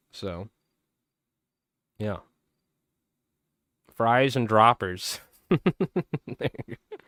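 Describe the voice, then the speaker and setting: A man's voice: mid-range voice, pushed and bright, clean tone, dry recording, studio quality. A man hosting a casual fly-tying livestream, rambling loosely and chatting with viewers while his voice is strained and tired. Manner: rambling, loose, talks to chat by name. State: strained, tired voice, clearing throat. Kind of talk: casual live-stream chat.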